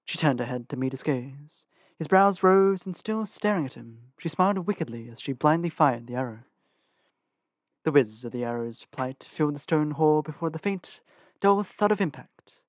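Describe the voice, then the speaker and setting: A man's voice: on the high side, lively intonation, moderate pace, no echo. Male audiobook reader, dry sound. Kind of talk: fan audiobook narration.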